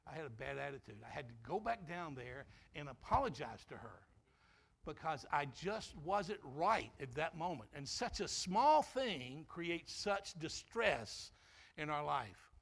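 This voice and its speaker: Man preaching a sermon, slightly high voice. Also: very animated, a little slow, creaky. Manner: preaching, drops to a quiet storytelling tone for anecdotes. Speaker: pastor.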